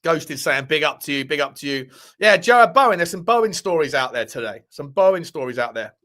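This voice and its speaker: A man's voice: on the high side, lively intonation, fairly quick, bright, forceful tone. A man hosting a casual live football stream, bantering and repeating his phrases with some swearing. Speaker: football podcast host.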